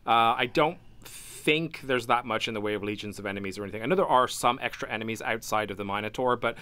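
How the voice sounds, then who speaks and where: A man's voice: medium pitch, quick pace, sharp tone, no echo. A man co-hosting a casual gaming news podcast, talking in loose rambling sentences full of fillers and restarts. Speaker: podcast co-host. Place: home basement studio.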